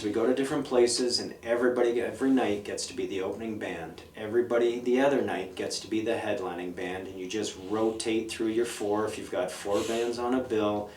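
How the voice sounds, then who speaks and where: A middle-aged man, a punk musician, talks bluntly and profanely in a casual interview monologue, telling his stories with animation. His mid-range voice echoes in a roomy space. He sits back from the mic, and a light background noise runs under him. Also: fairly low pitch. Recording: echoey room, mic at a distance, faint noise.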